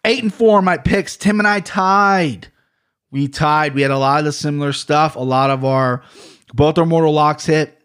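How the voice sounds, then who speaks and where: Podcast host guy, kinda high voice, rambly and sweary, says "right?" a lot. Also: moderate pace, a bit bright, smooth. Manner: rambling, profane, keeps adding "right?". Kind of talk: casual solo podcast monologue.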